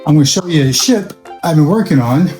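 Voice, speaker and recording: This channel host builds models from toy scrap and chats through a laid-back vlog from his home workbench, wandering off on tangents and amusing himself. He talks fast, in a fairly high voice with a darkish tone and lively intonation. Faint music plays in an echoey room.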